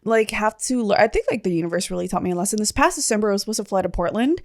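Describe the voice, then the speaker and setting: A woman co-hosting a podcast, chatting casually and telling an animated story with acted-out quotes. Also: mid-range voice, very fast, no room sound, studio quality. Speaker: podcast co-host. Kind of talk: casual chat.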